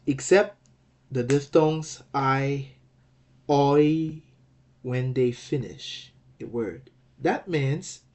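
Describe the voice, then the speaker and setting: A man teaching a grammar lesson, explaining slowly and carefully, often restarting phrases and checking in with "okay?". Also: mid-range voice, a little mellow. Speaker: Greek language teacher.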